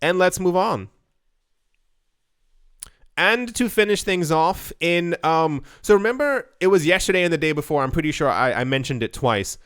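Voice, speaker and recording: Guy riffing on investing news, kinda high smooth voice, stumbles over words a lot, dry sound. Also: lively intonation, normal speed, fairly bright tone, dry recording. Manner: rambling and jokey, stammers and repeats words. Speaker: crypto investing YouTuber. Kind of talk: casual monologue reading and commenting on news.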